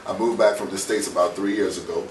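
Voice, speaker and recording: A man's voice: low voice, steady tone, fast talker, a crowd in the background. A man from Nigeria, a former rapper, answering interview questions in a casual, laid-back way with slang. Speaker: music manager and former rapper. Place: indoor entertainment venue. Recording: echoey room, distant mic, background noise.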